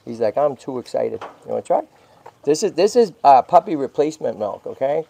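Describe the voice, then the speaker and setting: A man's voice: a little high, big pitch swings, a little fast, vocal fry, breathy edge. A man hosting a casual livestream who chats and keeps checking in with "right?" and "okay?", cooing to a baby squirrel as he handles it. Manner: coos softly to the animal. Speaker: channel host and tortoise rescuer.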